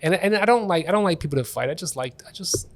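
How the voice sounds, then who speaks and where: A man hosting a comedy podcast, telling rambling, animated stories and laughing often. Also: on the high side, fast talker, crowd noise. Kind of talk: casual comedic storytelling. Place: Columbus comedy scene.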